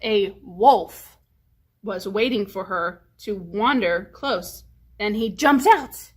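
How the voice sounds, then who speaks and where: A woman's voice: mid-range voice, takes it slowly, husky. A woman leading a children's storytime, reading aloud and stressing letter sounds to teach phonics. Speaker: children's librarian.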